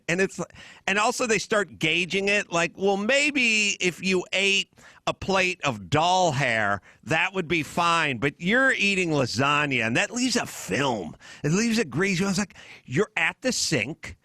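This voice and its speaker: A man's voice: high-pitched, animated, normal speed, pushed and bright, no echo. A middle-aged man hosting a podcast, ranting in an exasperated comic way, swearing freely and mocking other people's voices. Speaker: podcast host. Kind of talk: comedic rant. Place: hotel room.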